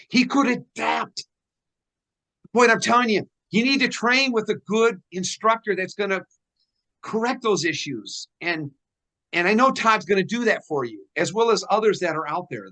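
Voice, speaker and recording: Host: man, higher-pitched, animated, laughs a lot while telling stories. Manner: animated, laughs often, acts out dialogue. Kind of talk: casual storytelling interview.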